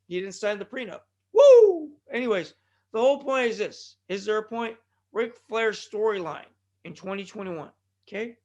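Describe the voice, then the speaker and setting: A man with a high voice hosts his wrestling podcast. He rambles from one tangent to the next in casual commentary and breaks into loud, fired-up bursts. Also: gravelly. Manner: excitable, digressive, loud bursts and mock impressions.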